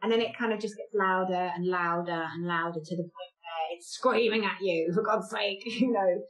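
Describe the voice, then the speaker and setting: A woman hosting a podcast interview, empathetic and affirming, who echoes her guest and asks reflective questions. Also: on the low side. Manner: empathetic, affirming, quick to murmur agreement. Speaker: podcast host. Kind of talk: conversational interviewing.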